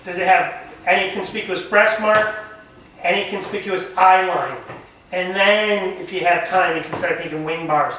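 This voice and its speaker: High bright man teaching in an echoey room. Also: normal speed, slight background noise. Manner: animated, asks the group questions. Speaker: camp naturalist instructor. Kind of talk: hands-on nature lesson. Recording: echoey room recorded from far off.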